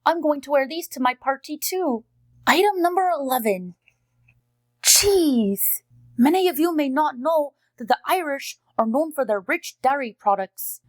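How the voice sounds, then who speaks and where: A woman's voice: sits high, expressive, unhurried, no echo. A woman voicing a cheerful friendly female dog who hosts a kids' educational unboxing video, chatty, sweet and teacherly.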